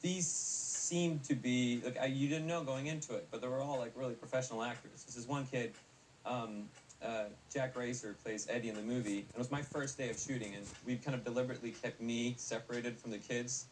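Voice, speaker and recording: A man's voice: medium pitch, steady tone, fairly quick. A young adult man, an actor guest in a casual interview, rambling with many fillers and restarts. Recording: distant mic with faint noise.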